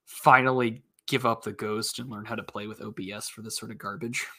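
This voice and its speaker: A man's voice: lowish voice, fairly even intonation, fairly quick, pushed and bright. A man co-hosting a livestreamed podcast in easygoing, upbeat casual chat. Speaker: podcast co-host.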